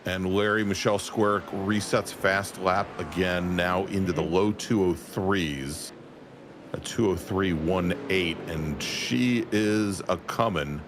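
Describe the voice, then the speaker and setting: A man's voice: low voice, takes it slowly, background noise. A man doing color commentary on a sim race, reading out lap times with teasing banter.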